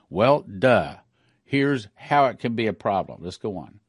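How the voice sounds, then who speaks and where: A man's voice: on the low side, sing-song, measured pace, slightly rough, no room sound, studio quality. A middle-aged man giving emphatic news commentary with a prophetic bent, repeating and rereading his points.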